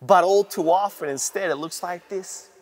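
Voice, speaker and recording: A man's voice: high voice, moderate pace. A male pastor preaching an earnest sermon with rising emphasis. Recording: reverberant hall.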